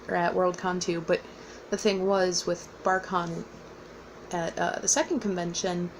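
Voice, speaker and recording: A woman's voice: lowish voice, a little hiss or hum, poor audio. A young woman casually telling a personal story, rambling with fillers and laughing often. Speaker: vlogger.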